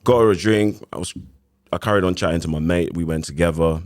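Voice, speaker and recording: Deep-voiced London man telling his story. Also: quick pace. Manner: animated retelling with acted quotes. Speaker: podcast guest. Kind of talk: casual storytelling.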